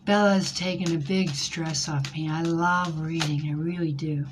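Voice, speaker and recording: A woman's voice: sits low, steady tone, unhurried, noisy background. A woman giving a live tarot reading to her viewers, emotional and rambling as she talks through each card and calls people by name. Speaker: tarot reader.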